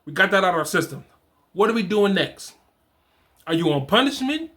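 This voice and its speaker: Brief: middle-aged man, fatherhood coach, high bright voice, animated and conversational, restarts his phrases as he talks. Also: moderate pace. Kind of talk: casual solo talk reading from a program.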